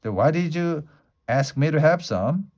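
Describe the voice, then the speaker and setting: A man voicing a polite, curious young girl in a read-aloud storybook, with his pitch lifted a little. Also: expressive, measured pace, darkish tone. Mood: earnest. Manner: polite, questioning.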